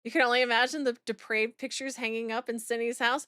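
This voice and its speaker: A woman's voice: fairly high pitch, level tone, fast, fairly bright tone, clean tone, no room sound, clean studio sound. A woman streamer chatting through a game reaction in a blunt, profane, giggly way.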